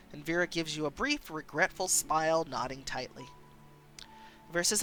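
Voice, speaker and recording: A woman streamer reading an interactive story game aloud, expressive, with wry asides. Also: sits low, normal speed, faint music behind.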